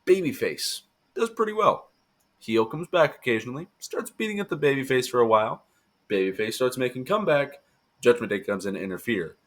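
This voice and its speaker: A man's voice: mid-range voice, fairly bright tone. A tired young man giving a casual, joking wrestling review and acting out quotes in silly voices. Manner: chatty, jokey, acts out quotes in funny voices.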